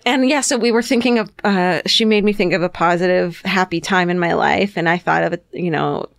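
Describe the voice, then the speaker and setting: A woman's voice: on the low side, a little fast, vocal fry, no echo. A woman co-hosting a podcast in casual, candid conversation, swearing freely and laughing often. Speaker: podcast co-host. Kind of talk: casual chat.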